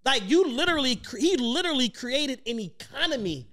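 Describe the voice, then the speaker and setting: A man co-hosting a podcast, with a high-pitched voice. He talks in a casual chat style. He is blunt, swears freely and stresses his points. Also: big pitch swings, brisk, sharp tone. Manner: blunt and profane, emphatic. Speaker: podcast co-host.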